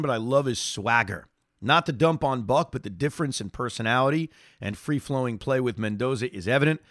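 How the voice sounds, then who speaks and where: A man's voice: medium pitch, fairly bright tone, no echo, clean studio sound. A man hosting sports talk radio, reading listener email and answering in an emphatic way that repeats phrases for effect.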